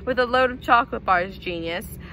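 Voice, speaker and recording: A woman's voice: fairly high pitch, fairly quick, pushed and bright, a little hiss or hum, rough recording. A woman voicing a small, grumbling male thief in a read-aloud storybook.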